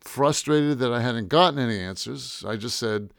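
A man narrating a first-person story in a wry, deadpan way. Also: medium pitch, fairly quick, vocal fry, hardly any pauses, smooth, no echo, studio quality. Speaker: audiobook narrator.

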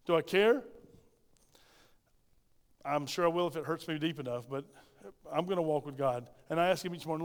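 High-voiced emphatic male pastor. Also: moderate pace, pauses often, clean tone. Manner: emphatic, asks the congregation questions. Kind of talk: sermon. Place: church. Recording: reverberant church hall.

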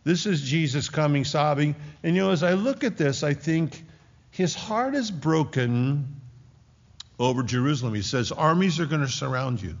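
A man's voice: on the high side, expressive, normal speed, in a large hall, dull audio. A man preaching a sermon in an earnest, conversational way, with frequent asides.

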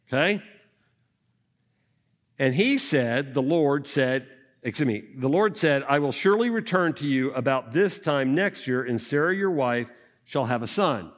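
A man preaching a conversational sermon, animated and full of rhetorical questions. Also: fairly high pitch, measured pace.

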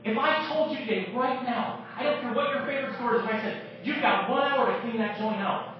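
A male pastor preaching a sermon with impassioned swings from loud declarations to hushed prayer, in a church sanctuary. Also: extremely high pitch, fairly quick, a little hiss or hum. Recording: echoey distant room, dull lo-fi sound.

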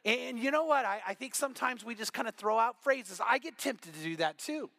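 A male pastor preaching a sermon, telling stories with lively acted-out quotes. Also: very high-pitched, brisk, vocal fry, no echo. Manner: animated storytelling with acted quotes. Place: church.

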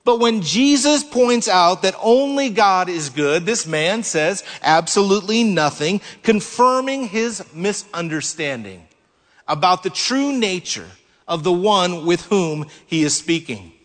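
Male preacher, higher voice, sermon delivery, deliberate emphasis, long hall reverb. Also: lively intonation. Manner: measured, slows down to stress key words.

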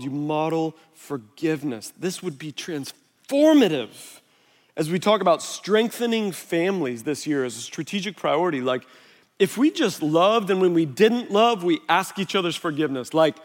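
A middle-aged man, a pastor on a body mic, preaching a sermon in a relaxed, conversational way and telling stories against himself. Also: on the high side, moderate pace. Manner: conversational, self-deprecating storytelling. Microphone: wireless body mic. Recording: long hall reverb.

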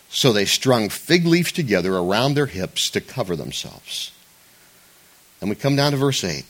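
A man preaching a conversational sermon to his congregation, with playful asides. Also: fairly low pitch. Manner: animated, conversational, jokey asides. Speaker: pastor.

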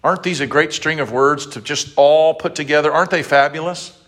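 A man preaching an emotional sermon, slowly reading scripture aloud and leading the congregation in call-and-response. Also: a little high, fairly even intonation, a bit bright. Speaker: pastor.

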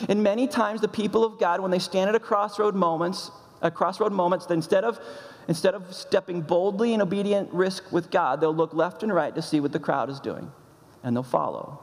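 A man preaching a sermon, emphatic and measured, repeating his key phrases for weight. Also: high voice, in a large hall. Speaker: pastor.

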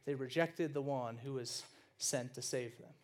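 A tired, matter-of-fact Moses speaks in a low, subdued voice, as if worn down by the story he tells. A male preacher puts on the voice, quieter and deeper than his usual talk, within a sermon role-play. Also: a little slow, natural voice. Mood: resigned. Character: Moses, older man, weary, matter-of-fact.

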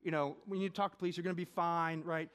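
A middle-aged man preaching a conversational sermon, telling a personal story with animated asides. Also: fairly high pitch, fast, clear, resonant tone. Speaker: pastor.

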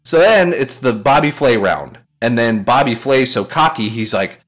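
A man chatting casually on a podcast, his voice leaping up and down in pitch as he acts out a story. He swears freely and slips into quick impressions of the people he describes, often breaking into laughter. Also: big pitch swings, a bit bright.

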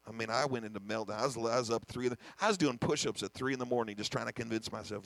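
A man's voice: medium pitch, rapid-fire, hardly any pauses, pushed and bright, no echo, low-quality recording. A male senior pastor preaching a sermon, emphatic, often repeating words and acting out the voices in his head.

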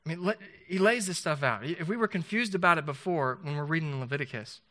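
Bright-voiced man preaching conversationally. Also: fairly high pitch, lively intonation, fast. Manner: conversational preaching, rhetorical questions, frequent restarts. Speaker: pastor. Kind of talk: sermon.

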